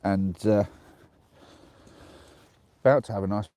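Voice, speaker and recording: An English man chatting casually on a live stream from the dark woods at night, giggling as he reads out viewer jokes. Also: lowish voice, a little slow. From England.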